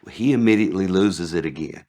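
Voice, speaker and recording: A man's voice: quick pace, a little mellow. A man telling sarcastic stories about his days as a delivery driver, acting out the people he quotes. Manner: sarcastic, acts out quoted people with big pitch jumps. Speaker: former package delivery driver. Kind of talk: anecdotal storytelling.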